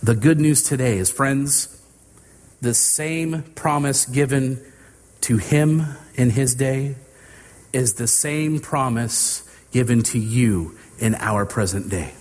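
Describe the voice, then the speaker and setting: A man preaching a sermon, slow and deliberate, with dramatic pauses between phrases. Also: mid-range voice, darkish tone, in a large hall.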